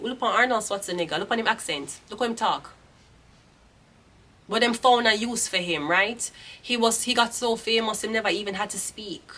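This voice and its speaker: Jamaican woman, tarot reader, bright forceful tone, blunt and profane, rambling. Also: on the high side, brisk. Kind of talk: casual monologue.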